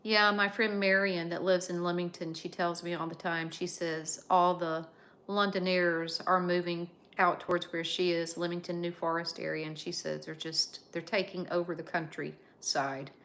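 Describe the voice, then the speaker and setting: An American woman hosting a casual live stream, chatting and reading out viewer comments in an unhurried way. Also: fairly low pitch, flat delivery, fairly bright tone. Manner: unhurried, chatty, drawn-out phrasing. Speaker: livestream host.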